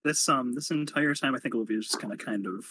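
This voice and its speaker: Bright, husky-voiced man player. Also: mid-range voice, fast talker, no echo. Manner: hesitant, many fillers, polite. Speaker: tabletop game player. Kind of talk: casual play chat.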